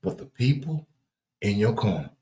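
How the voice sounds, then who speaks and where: A deep-voiced man with a Southern drawl talks like a preacher on his livestream. His cadence is folksy and repetitive, and he leans hard on his words. The sound carries a noticeable room echo. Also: very animated, moderate pace, warm tone. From Louisiana. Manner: emphatic and earnest, builds to raised emphasis. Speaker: livestream host. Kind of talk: preachy motivational talk.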